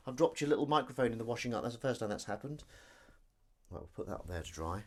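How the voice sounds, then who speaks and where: A man's voice: fairly low pitch, animated, racing. A middle-aged man, chatting casually on a live stream while washing up, reading comments aloud and laughing along. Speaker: live stream host and actor.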